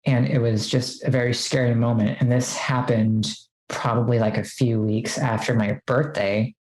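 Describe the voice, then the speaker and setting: A woman's voice: extremely low pitch, steady tone, moderate pace, a little mellow, reverberant, poor audio. A woman as a podcast guest, telling a personal story in casual chat, full of "like" fillers and quoting what she said. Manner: chatty, many "like" fillers, quotes herself.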